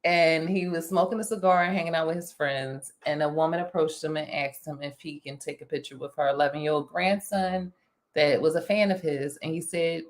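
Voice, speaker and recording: A woman hosting a casual chat, animated and talkative, laughing often. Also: sits low, brisk. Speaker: vlog host.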